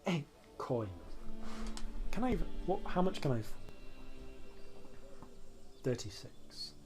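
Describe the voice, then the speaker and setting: A man's voice: fairly high pitch, big pitch swings, slow, over music. A man hosting a let's play, giving casual gameplay commentary in a dry, wry, muttering way.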